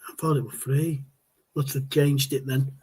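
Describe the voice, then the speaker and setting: A man's voice: mid-range voice, level tone, moderate pace, warm tone, husky. A man, hosting a casual livestream and rambling as he answers viewer chat. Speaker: livestream host.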